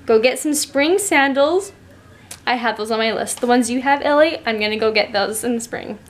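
A young woman talking casually to the camera in a home vlog, chatty and excitable, quick to laugh. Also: fairly high pitch. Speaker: mother and family vlogger.

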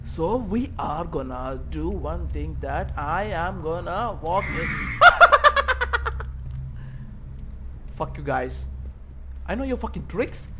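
A man's voice: on the high side, animated, a little slow, background noise. A man giving let's-play commentary on a horror game, swearing constantly and rambling nervously in a panic. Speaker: gaming YouTuber.

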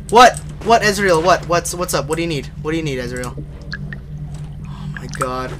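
A young man livestreaming a horror game, chatting casually with viewers, joking and shouting when startled. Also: sits high, normal speed, noisy background. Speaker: livestreaming gamer. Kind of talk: casual live gameplay commentary.

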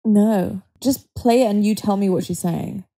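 A woman's voice: mid-range voice, measured pace, vocal fry, dark tone. A young woman co-hosting a podcast, chatting bluntly and reassuringly with her friend. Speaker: podcast co-host. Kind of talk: casual chat.

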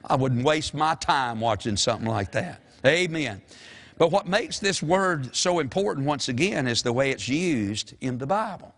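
An older man serving as pastor preaches a folksy sermon, calling out to the congregation in animated call-and-response. His voice is mid-range at a normal speed.

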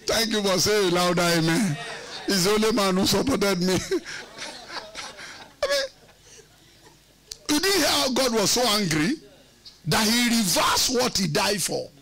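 A male pastor preaches with a high voice that swoops up and down with lively energy. He drives his points home with call-and-response questions, teasing asides and punchy repetitions. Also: a little slow, pauses often, crowd noise. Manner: teasing, repeats words for effect. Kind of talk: sermon.

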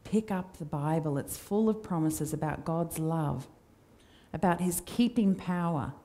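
Woman preaching, dark mellow voice. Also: low voice, unhurried. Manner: conversational, warm storytelling with acted quotes. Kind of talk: sermon. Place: church.

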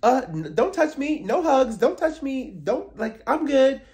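A man putting on a high falsetto impression of a haughty, dismissive woman from a reality show. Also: big pitch swings, unhurried, a little mellow, heavily acted. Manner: high falsetto, curt and brushing off.

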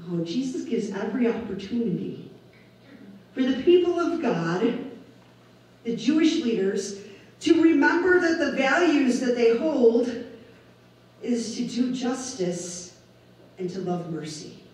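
A woman pastor delivering a sermon, preaching deliberately with emphatic rises on key words. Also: medium pitch, a little mellow. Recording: echoey room, voice from far off the mic.

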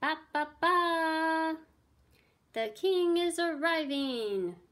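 A woman reading aloud, voicing a bustling, brisk male knight in a storybook. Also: fairly high pitch, animated. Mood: urgent. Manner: brisk, eager.

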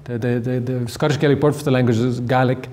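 A man's voice: mid-range voice, steady tone, fast, a little mellow, in a large hall. A man with a southern Irish accent giving an online lecture, often repeating words as he restarts his sentences. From Ireland.

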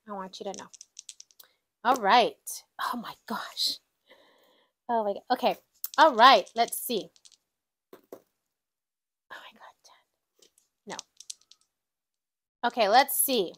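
A woman vlogging at home, counting cash out loud and exclaiming often, calling her viewers "y'all". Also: on the high side, unhurried, long pauses. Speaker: budgeting vlogger. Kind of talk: casual chat while counting cash.

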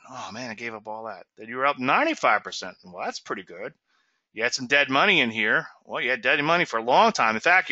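A man hosts a trading webinar in a bright, animated voice. He drives points home in a folksy, emphatic way. The sound is dry and a little dull, like lo-fi audio. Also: mid-range voice, no room sound. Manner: emphatic, folksy, repeats "okay?" and "so what?". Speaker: trading show host. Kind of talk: webinar teaching on charts.

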